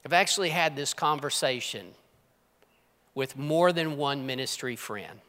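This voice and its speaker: A man preaching a sermon as pastor, dropping to hushed whispers and rising to emphatic, forceful lines. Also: mid-range voice, lively intonation, unhurried. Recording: long hall reverb.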